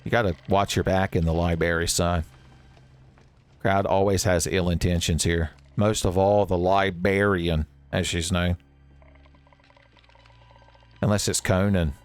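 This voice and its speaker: Jokey gamer man with a smooth voice. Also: unhurried, pauses often, soft background music. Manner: jokey, swings into high excited yelps. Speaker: let's play host. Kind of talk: playful gameplay commentary.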